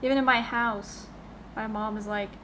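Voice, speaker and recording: A high-pitched woman co-hosting a laid-back podcast from home. She pushes her voice loudly into a desk microphone, so it comes out animated and close to yelling, with a faint hum of room noise behind her. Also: normal speed. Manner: loud, near-yelling into the mic, animated. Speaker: podcast co-host. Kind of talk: casual chat. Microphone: desk microphone on a call.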